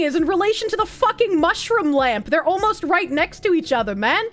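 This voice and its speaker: A woman's voice: big pitch swings, a little fast, hardly any pauses, fairly bright tone. A woman streamer chatting casually to her viewers, rambling, swearing freely and reading chat aloud. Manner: squeals high when laughing. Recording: faint music behind.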